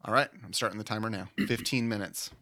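A man's voice: fairly low pitch, fast talker, bright, forceful tone. A man hosting a podcast, playfully narrating a mock medical exam case. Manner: playful, teasing, laughs easily. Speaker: podcast host running a mock oral boards case.

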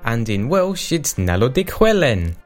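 A British man reads out a list of greetings with careful, self-deprecating effort. His pitch rises and falls a lot. Faint music plays in the background. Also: sing-song, a little slow. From Britain. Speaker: co-host.

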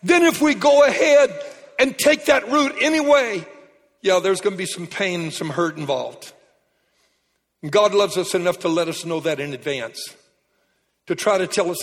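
Man, pastor, sermon, husky voice, emphatic, long hall reverb. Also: high-pitched, normal speed. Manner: emphatic, swings from quiet to shouted peaks. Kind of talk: sermon preaching. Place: church sanctuary.

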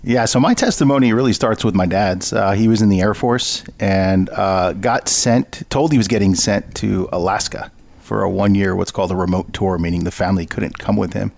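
A male guest telling his faith testimony in an earnest, storytelling way, with frequent pauses and fillers. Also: fairly low pitch, gravelly, a little mellow. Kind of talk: interview testimony.

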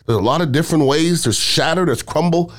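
A man hosting a podcast, talking casually and bluntly in an animated storytelling way. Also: on the high side, a little fast. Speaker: podcast host. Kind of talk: casual monologue.

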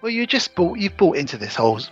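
A man's voice: sits high, very animated, fast, fairly bright tone, slightly rough, lo-fi sound, faint music behind. A man co-hosting a podcast, chatting casually about a film and acting out its lines. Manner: chatty, acts out movie lines in silly voices. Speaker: podcast co-host.

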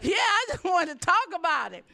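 A woman pastor telling a personal story to her congregation in sermon style. She is animated, laughs often and acts out the voices of the people in the story. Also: very high-pitched, moderate pace, creaky. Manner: addresses the congregation directly.

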